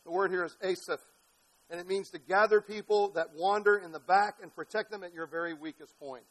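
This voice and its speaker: A man preaching an impassioned sermon, building to shouted peaks and dropping to quiet, low passages. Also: fairly even intonation, a little fast, rough recording. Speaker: pastor.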